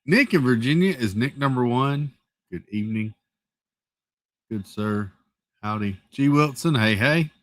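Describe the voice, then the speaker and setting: A man hosts a relaxed live stream at a middle pitch and works through his chat, greeting viewers by name. He rambles a little and jokes along the way, a bit worn down by a headache. His voice sounds close and dry. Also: a little slow, pauses often, no room sound. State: has a headache.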